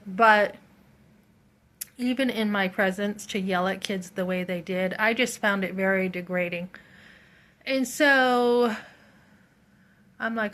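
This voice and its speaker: A woman's voice: medium pitch, fairly bright tone. A middle-aged woman telling a story to her viewers in a casual vlog, earnest and indignant, often quoting her own thoughts with emphasis. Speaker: vlogger.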